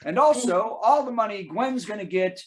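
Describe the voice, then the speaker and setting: A man's voice: high-pitched, animated, normal speed. A man hosting an online comedy show. He teases the guests as he jokes. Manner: jokey, teasing. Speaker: host. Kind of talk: casual chat. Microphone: video call.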